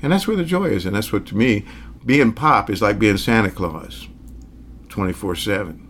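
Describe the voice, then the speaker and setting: An older man with a Southern drawl and a lowish voice talks easily about his work as a magician, often chuckling as he trails off and restarts. Faint ambience hums behind him. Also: lively intonation, normal speed, a bit bright, a little hiss or hum. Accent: Southern American. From American South. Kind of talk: casual interview.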